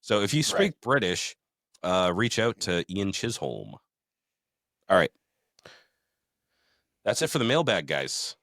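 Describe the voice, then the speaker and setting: A man's voice: lowish voice, big pitch swings, measured pace, pauses often, a bit bright, no echo, clean studio sound. A man co-hosting a podcast in casual chat, swearing freely, joking and reading out listener mail. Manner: profane, joking, reads listener mail aloud. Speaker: podcast co-host.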